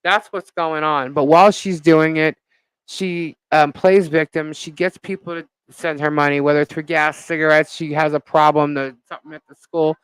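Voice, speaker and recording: Woman, vlogger, gossip rant on a live stream, indignant, smooth voice, dry close mic. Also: low voice, normal speed, no room sound, poor audio. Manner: animated, indignant storytelling with many fillers.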